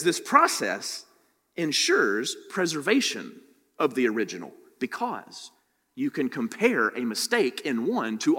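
Bright-voiced male pastor in a reverberant hall. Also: high voice. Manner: conversational teaching, frequent "right?" tag questions. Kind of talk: sermon.

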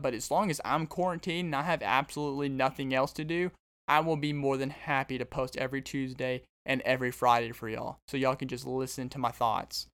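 Rambling, smooth-voiced comic man. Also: medium pitch, a bit bright. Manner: rambling, joking, addresses listeners directly. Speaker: podcast host and stand-up comedian. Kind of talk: casual comedic monologue.

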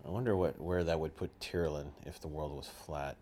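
A man from North America hosts a casual podcast chat in a very deep voice. He talks freely, often restarts his sentences and laughs easily along the way. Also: fairly even intonation, moderate pace, warm tone. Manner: chatty, frequent restarts and laughter. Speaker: podcast host.

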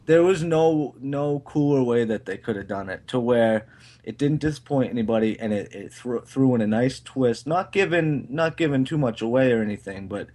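A man's voice: medium pitch, expressive, normal speed, dark tone. Laid-back swearing guy, says "dude". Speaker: podcast co-host. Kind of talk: casual movie review chat.

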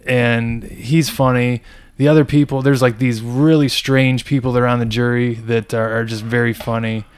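A man's voice: medium pitch, little pitch movement, moderate pace, smooth. A man co-hosting a podcast, telling a story in casual chat with lots of "like" and "you know". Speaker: podcast co-host.

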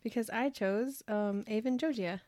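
A woman's voice: fairly high pitch, normal speed, background noise. A young woman co-hosting a podcast, chatting eagerly, gasping and laughing as she shares her picks. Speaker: podcast co-host. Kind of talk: casual chat.

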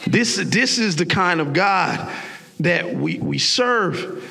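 A young male pastor from South Florida, preaching an animated sermon and putting on voices for the characters he describes. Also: high-pitched, slow, vocal fry.

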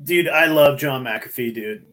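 Bright, excitable, swearing man. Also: mid-range voice, measured pace. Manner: profane, excitable storytelling. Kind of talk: casual podcast chat. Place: home.

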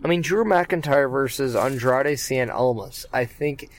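A man co-hosting a casual podcast about wrestling. He talks at a middling pitch and rambles, piling up fillers and restarting his sentences as he works through each thought. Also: measured pace. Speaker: podcast co-host.

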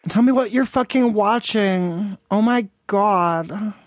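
A man's voice: high-pitched, slow, no echo. Prank podcast host, man, crude and mocking, rambling delivery, dry close sound. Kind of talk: crude prank call banter.

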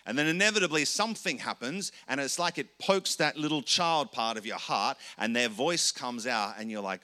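A man's voice: mid-range voice, expressive, normal speed, hardly any pauses, bright, forceful tone. A man teaching in an earnest, conversational sermon, with frequent restarts. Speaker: pastor.

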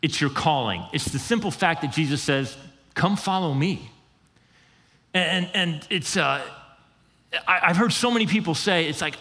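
Man preaching in a reverberant church. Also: normal speed. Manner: animated, conversational, acts out quotes with pitch jumps. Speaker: pastor. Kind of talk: sermon. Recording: long hall reverb.

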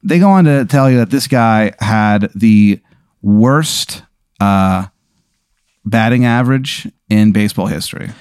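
A man telling an improvised hypothetical story in casual chat, halting and full of fillers, slipping into voices for the characters. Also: lowish voice, a little mellow, clear, resonant tone, no room sound, clean studio sound.

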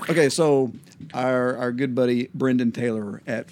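A middle-aged man co-hosting a podcast in easy, joking banter. His voice sits at an ordinary pitch for a man, and he often breaks into laughter while he talks. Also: fairly even intonation, normal speed, heavy background noise. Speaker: podcast co-host. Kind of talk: casual chat.

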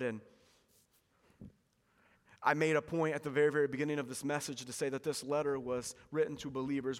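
Animated preacher man in a reverberant hall. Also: mid-range voice. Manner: animated storytelling preacher, repeats key lines. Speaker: pastor. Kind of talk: sermon. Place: church hall. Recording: long reverb of a church hall.

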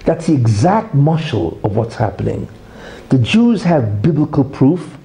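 Man, lively swooping delivery, informal religious talk, rhetorical questions, "you see". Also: mid-range voice, a little slow, creaky, low-quality recording. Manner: animated, rhetorical, keeps asking "right?" and "you see".

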